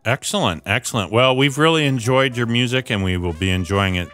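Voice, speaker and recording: A man's voice: mid-range voice, brisk, fairly bright tone. A man hosting a radio interview show, talking casually and hesitantly.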